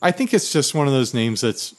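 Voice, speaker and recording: A man's voice: mid-range voice, sing-song, fairly quick. A man co-hosting a casual guitar podcast, laid-back and chuckling as he talks. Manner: laid-back, laughs while talking. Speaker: podcast co-host. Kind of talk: casual chat about guitars.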